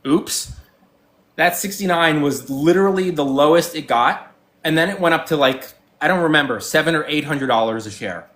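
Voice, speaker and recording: A man's voice: a little high, expressive, normal speed, a bit bright. Chatty man in his forties, rambling. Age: 40s. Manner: rambling storyteller, many fillers and restarts; acts out both sides of past conversations. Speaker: guest. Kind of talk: casual chat.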